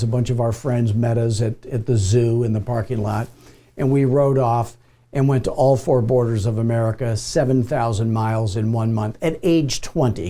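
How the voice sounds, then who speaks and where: A man's voice: mid-range voice, warm tone. A middle-aged man coaching real estate agents in a casual, anecdotal way, acting out the dialogue of his stories. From Phoenix, Arizona. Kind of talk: motivational video talk with storytelling.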